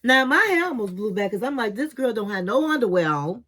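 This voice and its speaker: Sassy, animated woman recapping a reality show. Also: fairly high pitch, brisk. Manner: sassy, animated storytelling, calls viewers honey and girl. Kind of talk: casual chatty episode recap.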